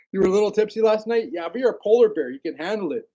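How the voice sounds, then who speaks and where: Chill guy on a livestream, fairly high voice, rambling and greeting chat. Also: dark tone. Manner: laid-back, rambling, greets viewers by name, laughs often. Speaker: livestream host.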